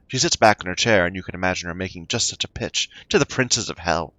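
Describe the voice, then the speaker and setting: A man's voice: low voice, fast, few pauses, sharp tone, no echo. A man playing a story game, reading its text aloud and chatting about his choices, stumbling over unfamiliar words. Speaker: let's play gamer.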